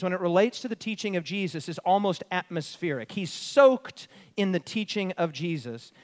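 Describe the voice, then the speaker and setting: Animated man preaching. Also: high-pitched. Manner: animated teaching with emphatic quotes. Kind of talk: expository sermon.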